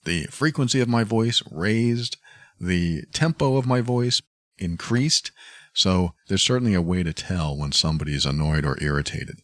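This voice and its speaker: A man hosting a podcast, giving calm, thoughtful relationship advice and acting out short example phrases. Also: low-pitched, a little slow, no echo, clean studio sound. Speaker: podcast host. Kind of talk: reflective advice talk.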